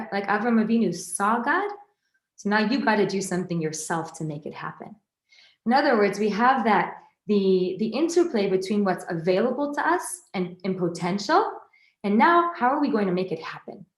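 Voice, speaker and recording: A woman giving an informal Torah class, lively and conversational, often restarting her sentences and adding asides to her listeners. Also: mid-range voice, normal speed. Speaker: Torah teacher. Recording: roomy echoey recording.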